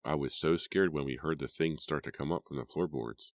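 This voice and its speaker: Anxious, earnest teen girl, hesitant, a raised voice from a very deep male reader; storybook horror. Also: fairly quick, dry recording, clean studio sound. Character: anxious teenage girl, earnest and easily scared.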